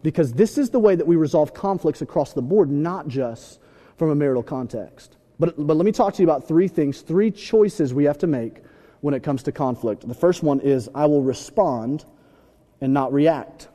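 A young man preaching a sermon, telling stories with animated shouts and asides. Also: fairly high pitch, normal speed. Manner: animated storytelling, acts out scenes with shouts. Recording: long hall reverb.

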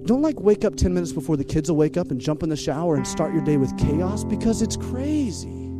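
A man preaching a lively, humorous sermon as pastor, energetic and jokey, swinging from loud calls to hushed asides. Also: on the high side, a little fast, over music.

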